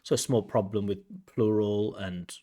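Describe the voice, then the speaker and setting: A man teaching as an examiner, breaking down a recorded speaking test with analytical commentary and lively intonation. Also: fairly low pitch, moderate pace.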